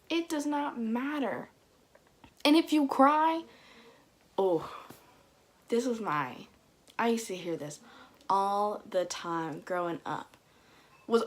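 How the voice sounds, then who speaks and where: A young woman with a Dominican family background, telling comic stories to camera in a casual vlog, mimicking her mother's scolding and getting loud at the punchlines. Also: on the high side, animated, slow, pauses often. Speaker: vlogger. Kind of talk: casual comedic storytelling to camera.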